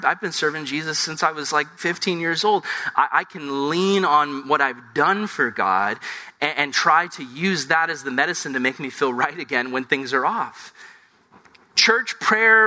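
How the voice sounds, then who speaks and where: A man in his thirties preaching a conversational sermon, acting out little scenes in lively voices. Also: on the high side. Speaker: pastor.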